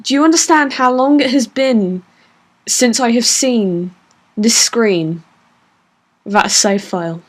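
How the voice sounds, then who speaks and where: Slow-talking woman gaming host. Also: on the high side. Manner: chatty, laughs easily, hesitant fillers. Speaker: let's play host. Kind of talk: casual game commentary and reading aloud. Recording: game music under voice.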